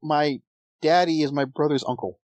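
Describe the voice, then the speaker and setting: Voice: mid-range voice, fairly even intonation, moderate pace, darkish tone, no echo. A podcast co-host in casual chat, dropping wry, teasing remarks about old wrestling.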